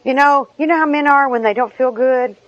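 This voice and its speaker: A woman's voice: high voice, a little fast, no echo, highs cut off. A middle-aged woman, giving a personal recovery talk in a humorous, chatty storytelling manner with asides. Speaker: recovery meeting speaker.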